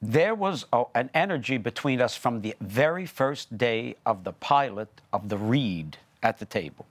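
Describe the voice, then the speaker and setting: An older actor talking in a relaxed interview, telling stories with animated delivery. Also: male voice, normal speed. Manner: animated storyteller, lively pitch, acts out quotes. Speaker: actor and guest. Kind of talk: casual interview chat.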